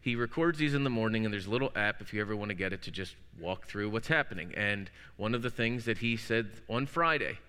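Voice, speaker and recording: Male pastor, sermon, storytelling with wordplay, crisp voice, long church-hall reverb. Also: on the low side, lively intonation, fast, hardly any pauses, bright, forceful tone. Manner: anecdotal storytelling with playful wordplay.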